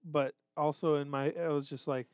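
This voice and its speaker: A man's voice: fairly high pitch, level tone, normal speed, darkish tone, clean tone, no echo. Man, podcast co-host, casual confessional chat, swears, dry room. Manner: candid, self-deprecating, swears freely.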